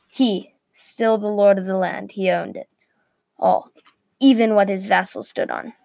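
A woman's voice: medium pitch, unhurried, creaky, dry recording. Woman reading a medieval story aloud. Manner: steady reading with small slips.

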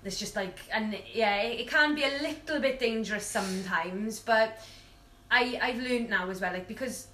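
A woman's voice: a little high, moderate pace, fairly bright tone, a little hiss or hum. A young woman guest on a podcast, telling stories in a chatty way with lots of fillers and restarts. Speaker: podcast guest, jiu-jitsu fighter. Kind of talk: casual chat, storytelling. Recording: roomy sound from a distant mic.

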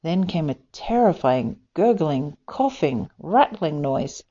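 A woman reading a children's storybook aloud in a slow, gentle, expressive way. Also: low voice. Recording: slightly dull lo-fi audio.

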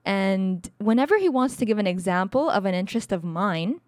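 Young woman, podcast storyteller, blunt and animated, mid-range voice, dry sound. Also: mid-range voice, a little fast, dry recording. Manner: frank and animated, swears freely, acts out quotes. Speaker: podcast co-host telling a story. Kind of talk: casual storytelling chat.

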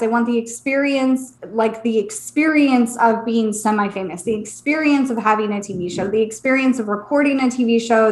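A woman's voice: on the high side, echoey room. A woman co-hosting a casual podcast, telling a personal story with emotion and many "like" fillers, close to tears. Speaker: podcast co-host, psychic.

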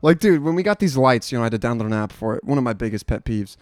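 A young man co-hosting a casual podcast, animated and swearing, often slipping into mimicked voices. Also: mid-range voice, rapid-fire, dry recording, studio quality. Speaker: podcast co-host. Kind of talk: casual chat.

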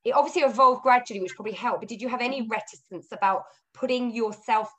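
A woman's voice: fairly high pitch, fast, fairly bright tone. A woman co-hosting a casual podcast, asking thoughtful, probing questions. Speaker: podcast co-host.

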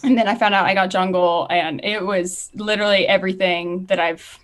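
A young woman on a podcast as a guest, a former ride skipper, chatting casually and telling stories fast and eagerly, often laughing. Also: mid-range voice, steady tone. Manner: bubbly, quick storytelling with laughs.

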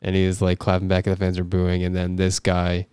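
A man's voice: low-pitched, completely flat delivery, a little fast, darkish tone, clean tone, dry recording, clean studio sound. A man co-hosting a podcast, telling a sports story in a rambling, hesitant way. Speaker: podcast co-host. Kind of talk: casual chat.

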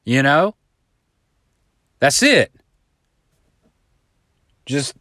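A man's voice: on the high side, sing-song, very slow, pauses often, bright, forceful tone, dry recording, studio quality. A man in his thirties hosting a casual solo podcast, telling stories in a rambling way, swearing freely and acting out other people's lines in quotes. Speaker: podcast host. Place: home, now living in Southern California.

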